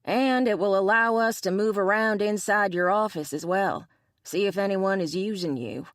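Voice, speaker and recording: A brash young mercenary bodyguard speaks with easy confidence, a little higher and brighter than the surrounding narration, voiced by a woman reading the audiobook. The sound is dry and close. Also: normal speed, no room sound, close to an everyday voice. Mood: confident.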